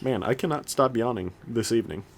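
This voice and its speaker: A young man co-hosting a casual podcast chat, rambling with lots of restarts and animated rants. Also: medium pitch, a little fast, vocal fry, a little hiss or hum. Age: young adult. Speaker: podcast co-host.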